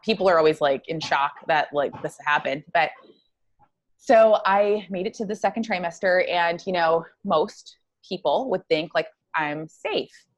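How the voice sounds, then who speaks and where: A woman guest telling her own story in an interview, earnest and halting, with many fillers. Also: on the low side. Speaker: guest psychologist.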